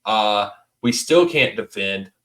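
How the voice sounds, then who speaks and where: A man's voice: on the low side, lively intonation, slow pace, a bit bright. A man hosting a casual football podcast over a remote call, blunt and jokey, swearing casually and sounding tired. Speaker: podcast host.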